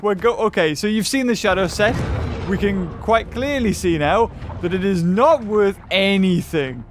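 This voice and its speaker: A young man excitedly commentating his gameplay, often exclaiming and laughing. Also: high voice, normal speed, slight background noise. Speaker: gaming YouTuber. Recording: game music behind voice.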